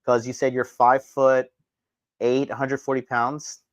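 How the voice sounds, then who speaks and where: A man hosting a live stream, ranting crudely and mockingly, his voice swinging from loud outbursts to low mutters. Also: flat delivery, slow, no echo, dull audio. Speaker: livestream host. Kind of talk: crude provocative livestream rant.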